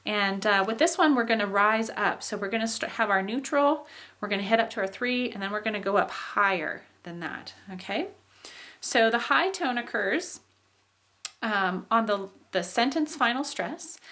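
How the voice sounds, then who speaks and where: A woman teaching in a patient, explanatory way, pausing on "um" and checking in with "okay." She shows examples by exaggerating how her voice swoops up and drops down. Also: medium pitch, expressive, sharp tone. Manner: demonstrates phrases with exaggerated rises and falls. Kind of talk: explaining English intonation.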